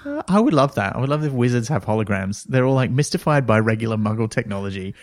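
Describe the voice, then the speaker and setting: A young adult man co-hosting a podcast, chatting casually and getting animated. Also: quick pace, no room sound. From Australia. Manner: animated, pitch jumps up when excited. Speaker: podcast co-host. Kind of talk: casual chat.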